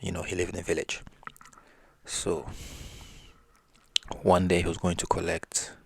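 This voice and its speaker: A man telling folk stories in a relaxed, rambling way. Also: low voice, unhurried, gravelly, slightly rough, no room sound. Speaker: storyteller. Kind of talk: casual folk storytelling.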